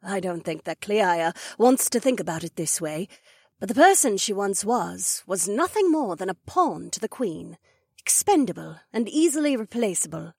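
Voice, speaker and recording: Woman voicing husky she-wolf duchess. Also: medium pitch, expressive, darkish tone, dry recording, clean studio sound. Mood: grave. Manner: measured, serious explaining. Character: proud she-wolf duchess, grave and knowing. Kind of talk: audiobook dialogue acting.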